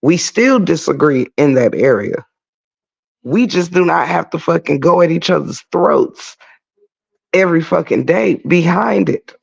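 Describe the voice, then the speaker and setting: A man's voice: on the high side, lively intonation, a little slow, vocal fry, breathy edge. A man hosting a casual livestream, reading the chat and ranting bluntly with lots of profanity. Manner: blunt and profane, shouts in laughter. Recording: dull lo-fi stream audio.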